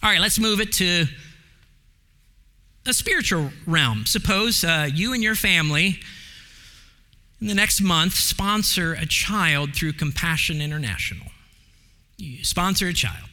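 Preaching as a pastor, a man takes his time and pauses often. He's animated, moving between big excited peaks and quiet, hushed moments, and now and then drops in a filler.

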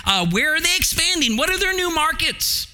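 A man preaching a sermon as pastor, animated, with big swings from excited highs to hushed lows and the odd filler. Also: normal speed.

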